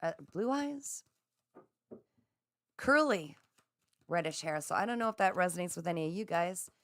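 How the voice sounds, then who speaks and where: A woman hosting a live spiritual chat, speaking in a gentle, affirming and soothing way as she reads out viewer comments. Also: fairly low pitch, animated, moderate pace, dry recording, studio quality. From Canada. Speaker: psychic livestream host.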